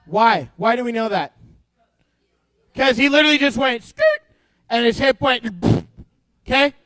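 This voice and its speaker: Young male youth pastor, very high-pitched, dry close sound, playful and animated, alternating loud bursts with hushed storytelling. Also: no echo, low-quality recording. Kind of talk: lively youth-group Bible talk.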